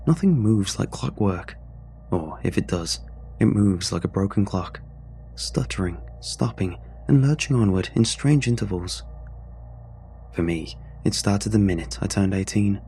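A man narrating a scripted horror story in a measured, brooding way, with drawn-out pauses. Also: lowish voice, lively intonation, warm tone, slight background noise. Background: faint music.

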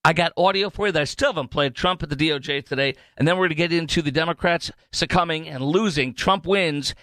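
A man's voice: fairly high pitch, fast talker, bright, forceful tone, no room sound. A man hosting a political talk radio show, rambling animatedly with many fillers and restarts.

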